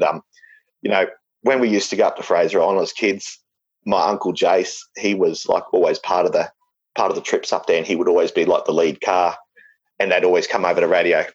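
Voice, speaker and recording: A middle-aged Australian man with a very low voice spins a rambling, jokey yarn, stumbling through fillers and restarts. The recording sounds dull and lo-fi. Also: darkish tone, husky. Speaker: interviewee. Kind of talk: casual storytelling.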